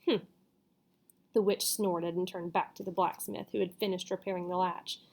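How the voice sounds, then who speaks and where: Female reader for a storybook, relaxed read-aloud, stumbles and self-corrects casually. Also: on the low side, a little fast.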